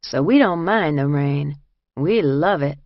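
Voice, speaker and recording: A woman's voice: sits low, lively intonation, takes it slowly, no room sound, muffled recording, heavily acted. A woman reading the part of a tough, plain-spoken woman prison inmate. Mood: wistful.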